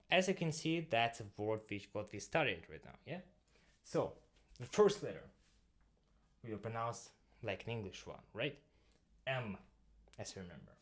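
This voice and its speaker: A young man with a Russian accent teaching an online language lesson, explaining step by step as he writes. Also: medium pitch. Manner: explains step by step, writing on a board.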